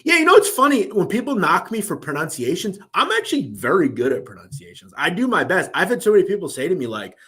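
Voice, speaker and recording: This young Philadelphia-accented host, from Philadelphia, USA, rambles loosely through a casual live-stream, reading viewer comments and using many fillers. He talks fast with few pauses, in a high, bright, forceful voice whose pitch swoops wildly.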